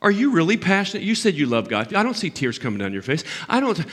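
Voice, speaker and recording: A man's voice: high voice, wildly swooping pitch, quick pace, fairly bright tone, voice pushed up, full character voice. A man voicing the sneering, accusing voice of a male serpent that mocks and needles with questions. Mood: taunting.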